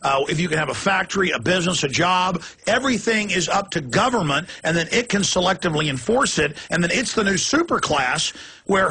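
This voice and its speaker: A man hosting a talk show, ranting passionately and rapidly. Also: high-pitched, expressive, pushed and bright, slightly rough. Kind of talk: heated political talk.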